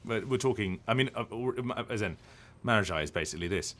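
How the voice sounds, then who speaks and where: A voice actor chatting casually on a live stream, rambling and hesitant with lots of ums and restarts. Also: male voice, fairly low pitch, expressive, brisk, fairly bright tone.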